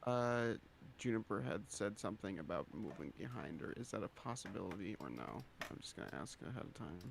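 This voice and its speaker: A man's voice: fairly low pitch, very animated, fairly quick, vocal fry, a little hiss or hum. A man playing a tabletop role-playing game, chatting casually and hesitantly, with playful swearing.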